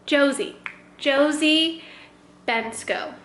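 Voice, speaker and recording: A woman's voice: high voice, extremely slow, fairly bright tone, roomy sound, a little hiss or hum. A woman who teaches first grade, chatting casually in a vlog from her car, congested with a stuffy nose and a bit frazzled.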